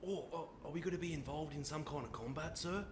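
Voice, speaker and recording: A man's voice: a little high, quick pace, echoey room, background noise, natural voice. A man playing a timid, stammering young man in a game roleplay. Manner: nervous, hesitant, stammering.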